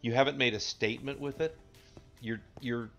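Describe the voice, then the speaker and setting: A man chatting on a livestream, telling a story haltingly with many pauses and ums. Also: mid-range voice, steady tone, vocal fry, fairly bright tone, faint music behind. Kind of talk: casual livestream chat.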